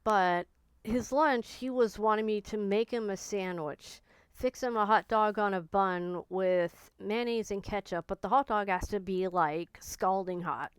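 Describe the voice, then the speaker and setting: A woman confides to her camera in a candid, rambling way, weighed down by grief and short on energy. Her voice is smooth and clean, recorded close and dry with no room sound. She talks plainly and from the heart, full of fillers. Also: medium pitch, a little slow, no room sound. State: grieving, low on energy. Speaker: vlogger. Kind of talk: personal vlog confiding.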